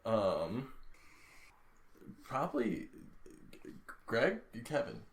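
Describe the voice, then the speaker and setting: A man who voices characters on the podcast, speaking softly and hesitantly, with pauses and filler words. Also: mid-range voice, huge pitch swings, gravelly, echoey room. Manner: soft-spoken, hesitant, trailing off. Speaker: podcast co-host and voice actor. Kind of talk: casual chat.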